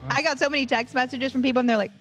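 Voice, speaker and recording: A woman on a tabletop game podcast, bubbly and excitable, chatting casually. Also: sits high, very fast, faint music behind. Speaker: podcast player. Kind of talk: casual chat.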